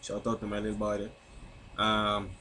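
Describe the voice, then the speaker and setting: A man's voice: on the low side, monotone, measured pace, sharp tone, slight background noise. A young man from St. Croix with a Crucian accent, chatting casually to camera in a vlog and keeping asking "you know what I mean?". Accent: Crucian (St. Croix) English. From St. Croix, US Virgin Islands. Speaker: vlogger.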